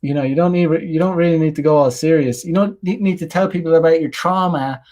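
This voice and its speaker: A man's voice: on the high side, quick pace, darkish tone. Crude rambling young man streamer. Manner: crude, rambling, laughs often, many fillers. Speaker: streamer host reading chat. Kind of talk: casual livestream chat.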